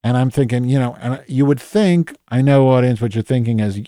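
Playing the foul-mouthed, cranky office worker Madge, a man riffs through an improvised comedy monologue, rambling, swearing, mocking himself and starting over many times. He's a podcast host in character, speaking in a mellow mid-range voice at a fairly quick pace, close to everyday speech. It's a dry, studio-quality recording.

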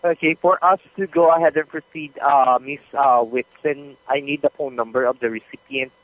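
A man's voice: mid-range voice, steady tone, normal speed, dry recording. A man working as a customer service supervisor, speaking politely and patiently with hesitant fillers. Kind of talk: customer service phone call. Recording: tinny dry phone line.

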